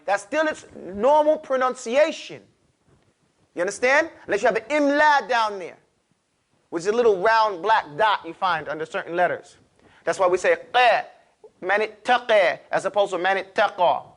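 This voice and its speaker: A man's voice: sits high, animated, moderate pace, a bit bright. A man teaching a class, drilling letter sounds aloud and patiently correcting and explaining pronunciation. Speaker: Arabic teacher.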